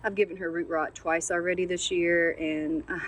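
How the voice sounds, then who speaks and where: A woman hosting a casual houseplant tour outdoors, chatty and gushing, quick to poke fun at her own plant care. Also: lowish voice, flat delivery, fairly bright tone. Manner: chatty, gushing and self-deprecating. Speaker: plant channel host. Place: outdoors on a sunny day.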